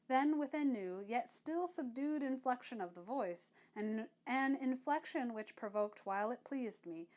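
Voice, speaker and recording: Woman reading a classic novel out loud, kinda high voice, measured and expressive. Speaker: audiobook narrator. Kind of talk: first-person narration of a classic novel.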